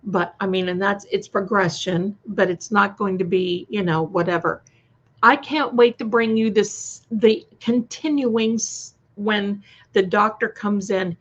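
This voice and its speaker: A woman speaks unhurriedly in a medium pitch, casually reacting to viewer comments with many restarts. She is co-hosting a live stream premiere chat, and the audio sounds slightly dull and lo-fi.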